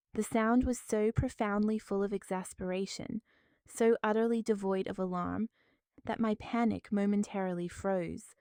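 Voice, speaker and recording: A woman's voice: mid-range voice, a little mellow, clear, resonant tone, dry recording. A woman narrating a dramatic first-person story in a tense storytelling manner, recorded close.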